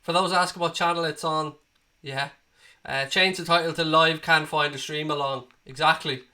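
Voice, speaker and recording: Irish man, late thirties, blunt sweary stream host, bright forceful voice, slightly high. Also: brisk. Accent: Irish, Dublin. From Ireland. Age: 30s. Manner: blunt and sweary, talks straight to chat. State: has a cold. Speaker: livestream host. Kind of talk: live football watchalong chat.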